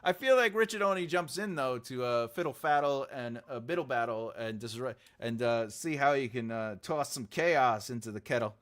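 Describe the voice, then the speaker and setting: A man's voice: medium pitch, normal speed, hardly any pauses. A man hosting a writing channel livestream, casually chatting and teasing viewers in a playful, giggly way.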